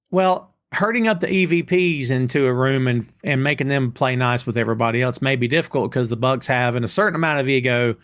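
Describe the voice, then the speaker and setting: A man's voice: medium pitch, fairly bright tone. A man hosting a podcast, talking in an opinionated, casual way straight to his listeners. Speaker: podcast host. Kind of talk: casual chat.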